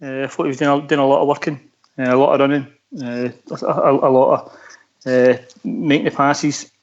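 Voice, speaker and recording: A Scottish man co-hosting a fan radio show, talking haltingly with many stumbles and restarts. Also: mid-range voice, level tone, dull audio. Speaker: co-host. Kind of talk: casual radio chat.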